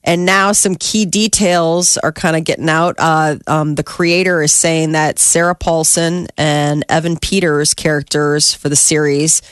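A woman's voice: low-pitched, steady tone, unhurried, hardly any pauses, clear, resonant tone, dry recording, clean studio sound. A woman co-hosting a morning radio show, reading entertainment news in a chatty, giggly way with many fillers. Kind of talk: casual morning radio chat.

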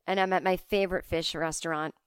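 A woman hosting a podcast, rambling through an absurd comic story in a deadpan way, recorded close on a studio mic. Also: on the low side, brisk, clean tone, dry recording. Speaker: podcast host and comedian.

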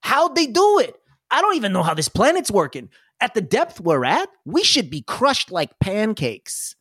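A man puts on an eager male alien mechanic with a tail for a tabletop game, rambling on in drawling slang. The voice sits fairly high and swoops up and down. It is recorded close and dry. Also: huge pitch swings, moderate pace, fairly bright tone, husky, dry recording, heavily acted.

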